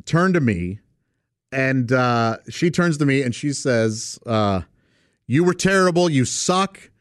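Rambling, laughing comedian telling a story. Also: male voice, medium pitch, no echo, clean studio sound. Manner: rambling, many fillers, laughs while telling. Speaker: stand-up comedian, guest. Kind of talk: casual storytelling.

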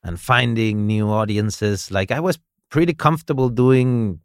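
Low-voiced man. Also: measured pace, smooth, no room sound, studio quality. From Mexico. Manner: relaxed and reflective, hesitant restarts. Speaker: actor guest. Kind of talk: casual interview chat.

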